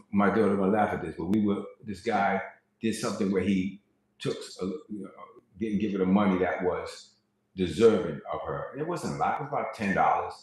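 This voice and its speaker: A man giving casual motivational preaching to a live online audience, quoting scripture and repeating words as he starts a thought. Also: fairly low pitch. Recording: very echoey room.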